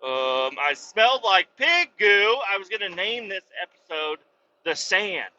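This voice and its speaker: A man's voice: sits high, big pitch swings, a little slow, pushed and bright, muffled recording. A young adult man hosting a solo podcast, ranting casually and profanely. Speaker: podcast host, truck driver.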